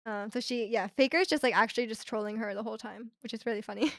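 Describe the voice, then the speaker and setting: A woman's voice: fairly high pitch, fast talker, no room sound, studio quality. A young woman streaming, chatting casually with her viewers and retelling ads in a rambling way with many fillers.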